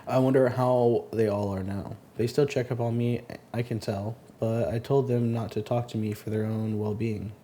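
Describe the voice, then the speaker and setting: A man hosting a story channel who reads posts aloud, then comments in a halting, earnest way, often stumbling and repeating words. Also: mid-range voice, fairly even intonation, a little hiss or hum. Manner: sympathetic, soft-spoken commentary. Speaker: Reddit story reader and host.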